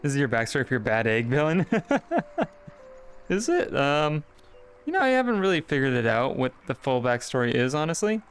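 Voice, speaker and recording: A man chatting casually on a live stream while he plays a game, playful and excitable, with frequent giggles and sudden leaps up in pitch. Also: moderate pace, pauses often, clean tone, faint music behind.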